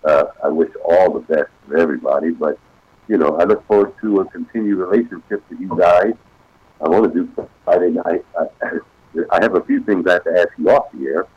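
A man in his sixties with a deep golden voice, a guest speaking by phone in a casual radio interview, halting with frequent pauses. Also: breathy edge, no echo, lo-fi sound. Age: 60s.

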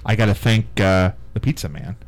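A man's voice: on the low side, normal speed, rough recording. A middle-aged man hosting a live radio show in a small studio, chatting casually and rambling from one thing to the next. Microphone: studio microphone.

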